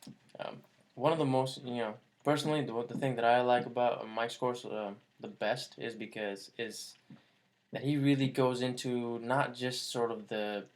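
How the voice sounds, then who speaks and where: A young man giving a casual testimonial about a course, relaxed and hesitant with many fillers. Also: mid-range voice, normal speed. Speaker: course student.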